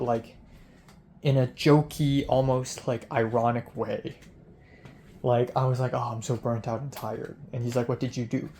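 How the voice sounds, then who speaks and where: Young guy film student rambling thru his day, lots of "like", mid pitch, bit of hiss behind. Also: darkish tone. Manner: rambling storytelling full of "like" and retold dialogue. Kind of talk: casual diary vlog.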